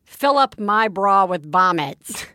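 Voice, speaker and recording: A woman co-hosting a podcast tells a story in casual chat, animated and acting out the quotes. Her mid-range voice moves slowly, recorded dry with studio quality.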